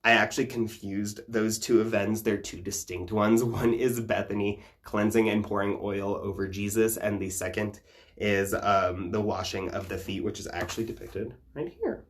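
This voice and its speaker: A man's voice: lowish voice, flat delivery, normal speed. A man casually teaching folk magic customs in an irreverent, profane way, laughing often and using many fillers. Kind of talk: casual spiritual teaching vlog.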